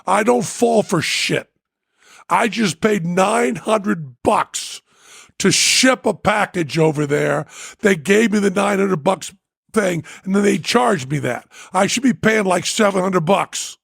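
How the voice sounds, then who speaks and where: An irate middle-aged man, as a storyteller puts him on, haggling over a shipping bill with indignant, profane insistence. His voice sits raised and gravelly, with a husky edge and a swooping, lively pitch. It sounds close and dry. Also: takes it slowly, no echo, heavily acted.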